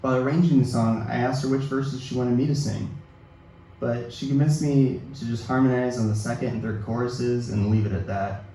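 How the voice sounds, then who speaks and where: A man in his thirties reading his own personal essay aloud at a literary event, in a measured, self-deprecating way. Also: mid-range voice, fairly even intonation, mellow. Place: event hall at a book release reading. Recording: echoey hall, distant mic, faint noise.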